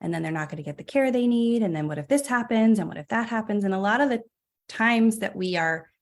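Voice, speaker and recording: A woman's voice: medium pitch, lively intonation, fast. A woman physician speaking as a podcast guest, chatty and reflective, with frequent light laughs. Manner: reflective, chatty, laughs often, says like a lot. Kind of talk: casual podcast conversation.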